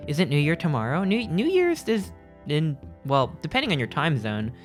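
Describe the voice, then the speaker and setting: A man's voice: a little high, wildly swooping pitch, moderate pace, faint music behind. A man streaming, chatting casually with his live chat in a rambling, joking way, often stopping mid-sentence to restart. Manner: rambling, jokey, self-interrupting.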